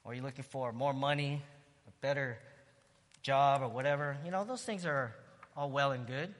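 A pastor preaching a sermon, calling out loud bursts of praise between stretches of plain Bible teaching. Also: male voice, mid-range voice, moderate pace, big-room sound. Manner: rises to loud exclamations of praise.

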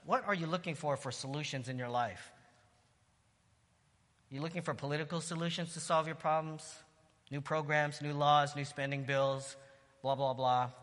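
Guy preaching a sermon, bright voice, gets loud praising, long hall echo. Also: fairly high pitch. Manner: rises to loud exclamations of praise. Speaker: pastor.

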